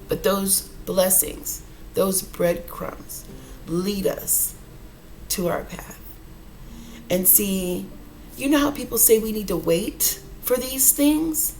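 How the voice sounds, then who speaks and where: A woman's voice: medium pitch, slow, darkish tone, a little hiss or hum, rough recording. A woman hosting an inspirational podcast, talking casually and earnestly in a rambling way, calling her listeners y'all. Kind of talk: casual motivational talk.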